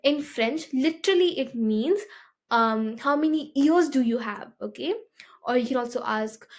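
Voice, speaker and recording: A woman's voice: high-pitched, unhurried. Woman teaching a beginner French lesson. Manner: explanatory, often checks with "okay?". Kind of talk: explaining a language lesson.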